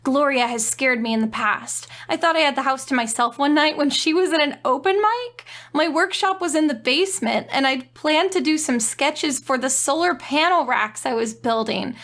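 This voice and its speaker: A woman giving comedic commentary, reading passages aloud with dry, deadpan humor. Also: high voice, moderate pace, hardly any pauses. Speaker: video essayist.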